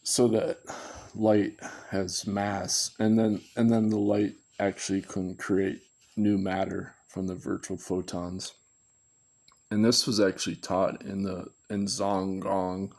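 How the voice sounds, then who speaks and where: Slow, gravelly low-voiced man rambling. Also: a little mellow. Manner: meandering, self-correcting, thinking aloud. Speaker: video commentator. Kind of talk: rambling unscripted monologue.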